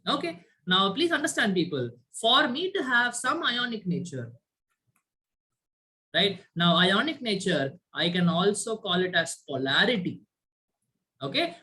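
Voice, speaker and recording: A chemistry teacher leads an online class over a video call, his voice sitting high, pushed and bright. He's very animated yet a little slow, quizzing students and tagging his points with "right?" often.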